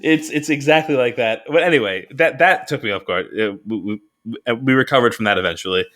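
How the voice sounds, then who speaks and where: A man co-hosts a podcast in a casual chat, acting out his own reactions and laughing. His voice is mid-range and fairly bright in tone, and he speaks fairly quickly.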